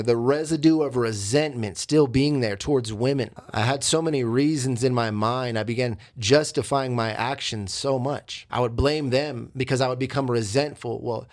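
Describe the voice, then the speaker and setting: A man hosting a podcast, telling his own story in a candid, reflective, confessional way with many fillers. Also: mid-range voice. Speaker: podcast host and coach.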